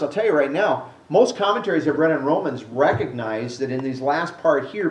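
Animated male pastor teaching in an echoey hall. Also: fairly high pitch. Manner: animated, acts out quotes with rising voice. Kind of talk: sermon Bible teaching. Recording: echoey room, mic at a distance.

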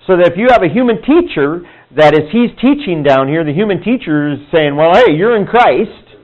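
A male Bible teacher talks to his class in a relaxed, conversational way. His somewhat high voice rises and falls a lot as he acts out the people in his stories. The recording sounds muffled and lo-fi. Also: moderate pace. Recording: dull lo-fi room recording.

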